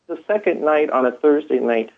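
Man, gravelly voice, tinny phone line, rambling first-person storytelling. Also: fairly high pitch, normal speed. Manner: rambling, many fillers and restarts. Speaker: guest telling his story.

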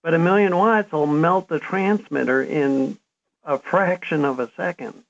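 A man's voice: a little high, measured pace, vocal fry. A man in his fifties, an interview guest and author, telling his story in an earnest, reflective way. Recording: dull lo-fi sound.

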